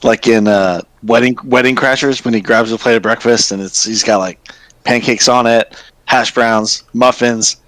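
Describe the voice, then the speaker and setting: A man's voice: medium pitch, fairly even intonation, normal speed, fairly bright tone, dry recording, poor audio. Joking man player, dry sound. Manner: rambling, joking. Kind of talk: casual tabletop chat.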